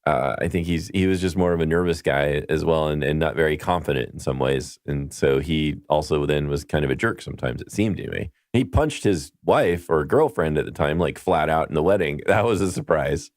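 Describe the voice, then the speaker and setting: Deep-voiced man, hesitant film chat. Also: a little fast, hardly any pauses, no room sound, studio quality. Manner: hesitant, many restarts. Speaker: podcast host. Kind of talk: casual film discussion.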